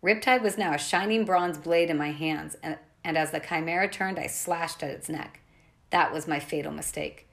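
A woman's voice: low voice, moderate pace, vocal fry. A woman reading a novel aloud, telling a first-person adventure story with expression. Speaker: audiobook narrator.

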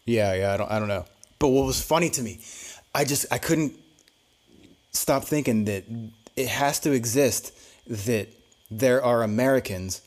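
A man co-hosting a podcast in casual, joking chat, laughing and rambling as he explains. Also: fairly low pitch. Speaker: podcast co-host.

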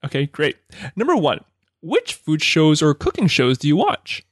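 Upbeat, lively-voiced male podcast host. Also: a little high, moderate pace. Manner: upbeat and encouraging. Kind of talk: podcast interview questions.

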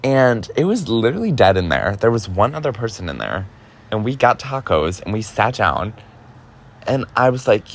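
A man's voice: on the low side, very animated, normal speed, creaky. A young man casually telling a story, chatty and profane, with lots of filler words. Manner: chatty, heavy use of "like", profane. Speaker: podcast host.

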